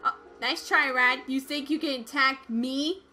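A young woman giving casual let's-play commentary, excitable and easily scared, with squeals and laughs. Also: high voice, unhurried, faint music behind.

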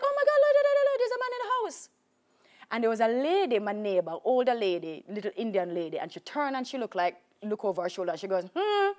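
A woman with a Jamaican accent, a talk show guest telling her life story with emphatic repetition. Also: medium pitch. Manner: animated storyteller, acts out voices, emphatic repetition.

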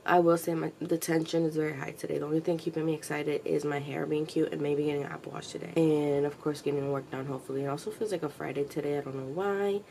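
A woman's voice: low voice, steady tone, fast talker, creaky, hardly any pauses, warm tone, slight background noise. A young woman vlogging at home, chatting casually to her camera with lots of slang and swearing, and teasing her pet along the way. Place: at home, indoors.

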